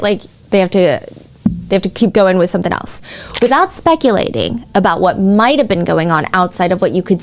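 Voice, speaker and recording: A woman hosting a true-crime podcast, reading out courtroom testimony in a casual, chatty way with frequent "like" asides. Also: mid-range voice. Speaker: podcast host.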